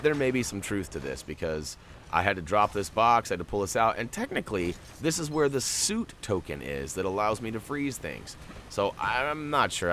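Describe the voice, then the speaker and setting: A man's voice: fairly low pitch, a bit bright, slight background noise. A man hosting a video game walkthrough, chatting casually and joking with viewers. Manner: jokey, chatty, talks to viewers. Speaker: gaming walkthrough host.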